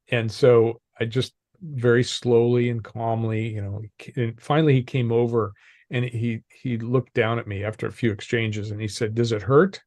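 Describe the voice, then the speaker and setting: Older male guest, measured storytelling voice, dry close mic. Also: medium pitch, no echo. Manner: calm, measured, laughs often. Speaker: podcast guest, executive coach. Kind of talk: storytelling in an interview.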